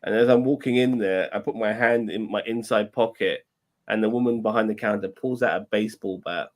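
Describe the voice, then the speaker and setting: A man's voice: on the low side, a little fast. English man, forties, rambling sweary storyteller, casual podcast chat. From England. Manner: rambling anecdote with restarts and swearing. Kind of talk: casual banter.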